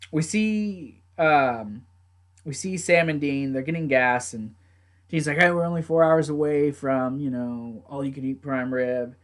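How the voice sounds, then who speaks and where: A man recapping and reviewing a TV episode in a casual, rambling way, now and then swearing at himself or his gear. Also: fairly high pitch. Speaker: TV show reviewer.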